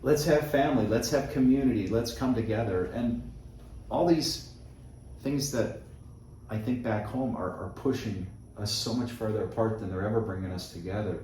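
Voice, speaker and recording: A man's voice: lowish voice, darkish tone, slight background noise. A man hosting an interview, speaking in an earnest, reflective way. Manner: earnest, reflective, many short affirmations. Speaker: host. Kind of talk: conversational interview. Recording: very echoey, distant mic.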